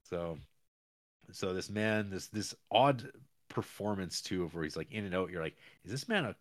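A man co-hosting a casual film podcast, rambling and acting out characters in quick voices. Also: low-pitched, a bit bright, dry recording. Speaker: podcast co-host. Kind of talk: casual chat about a film.

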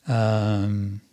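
A man teaching a scripture class, reading verses aloud and explaining them slowly with many pauses and restarts. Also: lowish voice, warm tone. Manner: slow and hesitant, many fillers and restarts.

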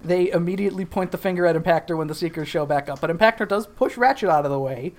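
A woman with a slightly low voice co-hosts a casual podcast. She recaps the plot dryly, with plenty of swearing. Her delivery is relaxed and conversational. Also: fast. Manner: dry, profane storytelling. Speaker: podcast co-host.

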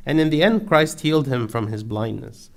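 A man preaching a sermon in an earnest, steady way, building emphasis through repetition. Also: medium pitch, normal speed, vocal fry.

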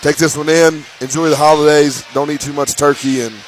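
A man announcing a high school basketball game in casual broadcast chat, rambling with frequent restarts. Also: level tone, brisk, soft background music, low-quality recording. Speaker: play-by-play announcer.

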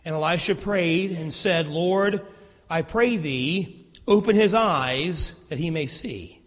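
A man with a slightly high voice speaks slowly, preaching a sermon as a pastor: he reads scripture, then retells it in casual, modern terms. He's in a church sanctuary, and the recording carries the long reverb of a church hall.

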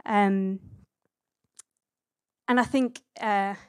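A woman in her thirties preaches in an easy, chatty way, full of little fillers and restarts. Her voice sits at an ordinary middle pitch. The sound is dry and close, with no room echo. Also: very slow, smooth. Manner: chatty and relaxed, with many fillers and self-corrections. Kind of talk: conversational sermon.

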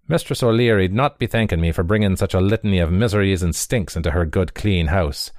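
A man playing a greasy, grinning boarding-house runner who talks fast and wheedling. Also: low-pitched, a little mellow, no room sound, studio quality, lightly acted. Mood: scornful.

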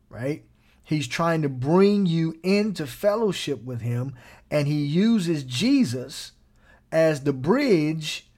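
A man pastor preaching a sermon in a lively, playful way, breaking into chuckles and quick asides. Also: a little high.

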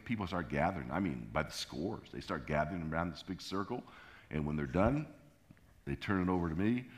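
A middle-aged man, a pastor, telling a story from the pulpit with lively acted-out voices and sound effects. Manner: animated, acts out scenes and sounds with pitch jumps. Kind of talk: storytelling sermon.

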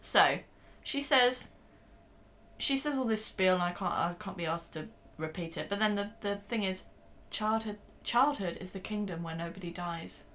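Brief: young woman, podcast co-host, bright voice, giggles through her lines. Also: medium pitch, normal speed. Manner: giggly, breaks into laughter often. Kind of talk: casual chat.

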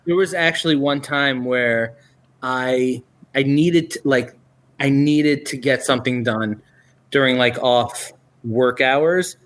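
A man co-hosting a podcast, chatting casually in a halting way, with many fillers. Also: medium pitch, fairly bright tone. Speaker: podcast co-host. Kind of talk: casual chat.

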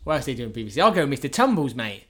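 A man's voice: medium pitch, very animated, rapid-fire, fairly bright tone, husky. A man, co-hosting a casual chat over beer, talking bluntly and swearing constantly. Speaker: podcast co-host.

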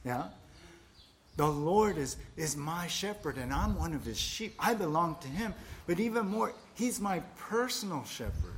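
Male pastor, slightly high voice, relaxed chatty sermon delivery with playful asides. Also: unhurried, slight background noise. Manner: conversational, with playful asides and fillers.

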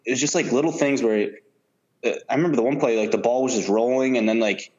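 A man co-hosting a casual sports podcast, relaxed and talkative, laughing often between many fillers. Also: medium pitch, fast talker. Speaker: podcast co-host. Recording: dull lo-fi sound.

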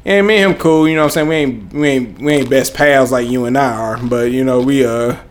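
A man's voice: medium pitch, brisk, a little hiss or hum. Profane young man telling a story. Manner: profane, rambling, laughing storyteller. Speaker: podcast host. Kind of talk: casual storytelling.

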